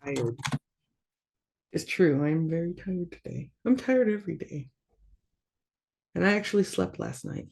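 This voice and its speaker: A language teacher giving a casual online lesson, repeating each word slowly and carefully and dropping in relaxed asides between examples. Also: mid-range voice, vocal fry, a little hiss or hum. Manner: slow, careful repetition of words with casual asides.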